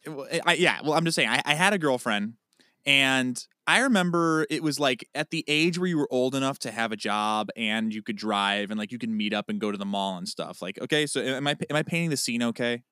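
Bright-voiced playful young man. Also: medium pitch, brisk, clean tone, no room sound, studio quality. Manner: playful, teasing, stumbling restarts. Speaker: podcast co-host. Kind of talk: casual chat.

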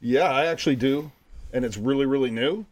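A man joking around in a casual podcast chat. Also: medium pitch. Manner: joking, quick.

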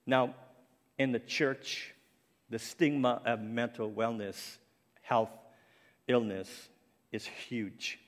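A middle-aged ministry speaker from Cape Breton Island, Canada, preaches an earnest, personal sermon in a church sanctuary, with the long reverb of a large church around him. His mid-range voice is slow and fairly even, with long pauses and some restarts. Since a stroke, his speech sounds faintly French.

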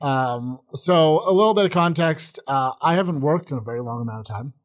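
Young man, podcast co-host, rambling, lots of fillers, very animated pitch. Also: fairly quick. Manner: rambling, hesitant, filler-heavy, laughing. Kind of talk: casual chat.

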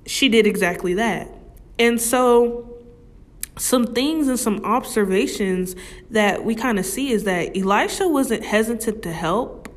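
A woman giving a casual Bible study, reading scripture slowly and talking it through, often asking "right?". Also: fairly high pitch. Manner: slow, conversational, often asks "right?"; reads scripture slowly and deliberately. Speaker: Bible teacher.

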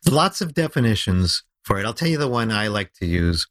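A man who is a guest on a podcast, explaining storytelling in an animated way and slowing down to stress his points. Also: fairly low pitch, no room sound. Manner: animated explaining, slows down for emphasis. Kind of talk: conversational podcast interview.

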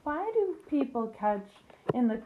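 A woman voicing a young male pig in a storybook reading, eager and innocent, asking questions in a raised, bright voice. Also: high-pitched, sing-song, unhurried, narrow, tinny audio, background noise.

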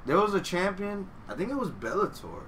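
A man's voice: high-pitched, big pitch swings, brisk, fairly bright tone, recorded from a distance, a little hiss or hum. A man in casual banter, chatty and hedging as he talks. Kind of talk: casual banter about martial arts movies.

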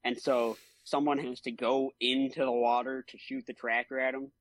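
A man's voice: medium pitch, normal speed, no room sound, low-quality recording. A young man co-hosting a podcast, chatting casually about a movie, laughing often and acting out lines from it. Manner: animated, laughs often, acts out quotes. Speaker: podcast co-host.

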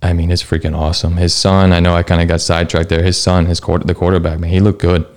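A young man hosting a solo sports podcast, talking casually and excitedly, with lots of "man" and mild swearing. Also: sits low, fast. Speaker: podcast host.

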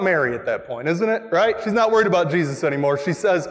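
A man preaching a sermon as a pastor, animated, asking the congregation questions and acting out quoted voices. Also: on the high side, fast, in a large hall. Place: church.

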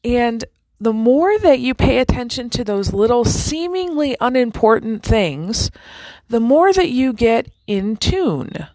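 A woman hosting a casual spiritual talk, chatty and animated, with many fillers and restarts. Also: fairly high pitch, slow pace, no room sound, low-quality recording. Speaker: podcast host.

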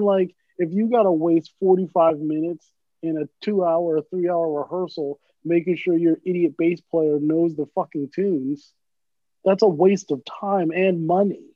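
A man's voice: sits high, no room sound. A man in casual chat, rambling and swearing freely, poking fun at himself. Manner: profane, rambling, self-deprecating. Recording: dry tinny phone-like sound.

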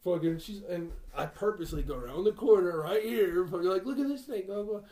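A man's voice: high-pitched, brisk, dark tone, reverberant. A man telling a long story in casual podcast chat, swearing and acting out what people said. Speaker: podcast host.

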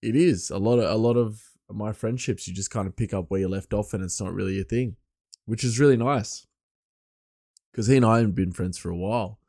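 A man hosting his podcast alone, rambling loosely and chuckling, his voice a bit hoarse. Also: on the low side, brisk, dark tone, no echo, studio quality. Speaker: podcast host. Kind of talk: casual podcast monologue.

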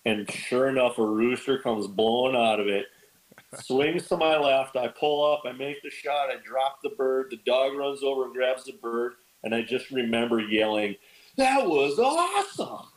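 A man guest on a podcast, telling stories in casual chat, lively and animated, acting out quoted lines with big jumps in pitch. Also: normal speed, rough recording. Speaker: podcast guest, bird dog kennel owner.

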